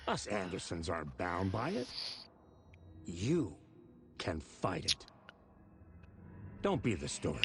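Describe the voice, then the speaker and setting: A gruff old grandfather from a video game, gravelly and cryptic. He drawls slowly, and his pitch swings widely. Loud game ambience sits behind him. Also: slight background noise, exaggerated voice.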